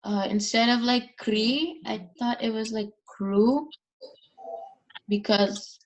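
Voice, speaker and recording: A woman, the parent of a student, asks a question in an online class in a halting, hesitant way. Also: on the high side, lo-fi sound.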